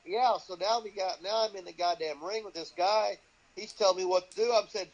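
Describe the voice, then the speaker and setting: Gruff older man, swearing, lo-fi sound. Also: high voice, normal speed. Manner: swears constantly, acts out quoted voices. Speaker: guest, wrestling trainer. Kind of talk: profane storytelling in an interview. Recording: dull lo-fi audio.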